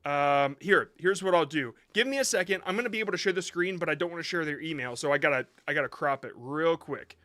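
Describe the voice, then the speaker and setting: A man hosting a live stream, reviewing short videos sent in by viewers. His voice is slightly high and very bright. He rambles in a casual way, thinks aloud and reassures his viewers as he goes. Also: fast talker, few pauses.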